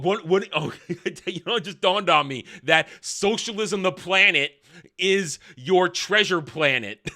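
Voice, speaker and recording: A man's voice: on the high side, sharp tone. A man giving a ranting video review of a TV show, sarcastic and scornful in his delivery. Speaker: film and TV reviewer.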